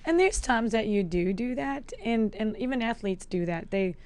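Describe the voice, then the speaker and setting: A woman's voice: on the high side, normal speed. A South African woman in her forties, a podcast guest chatting casually, laughing often and acting out her own remarks. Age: 40s. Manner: lively, laughs often, acts out her own quoted lines. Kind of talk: casual chat.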